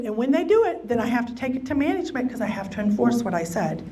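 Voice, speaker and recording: A woman's voice: a little high, very animated, fast, hardly any pauses, warm tone. A woman teaching a church lesson on relationships, emphatic, repeating key phrases and acting out what people might say. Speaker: church Bible study teacher. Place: church meeting room.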